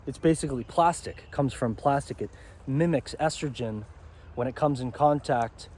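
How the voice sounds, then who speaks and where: Rambling man vlogging outdoors, dark tone. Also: medium pitch, moderate pace. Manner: rambling, asks "okay?" often. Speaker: self-help vlogger. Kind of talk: walking outdoor vlog monologue. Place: outdoors beside a pond.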